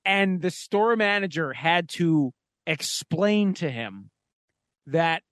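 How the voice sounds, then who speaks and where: A man's voice: a little high, animated, slow pace, a bit bright, dry recording. A man co-hosting a podcast, telling a casual, profane, rambling story full of "like" fillers. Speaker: podcast co-host.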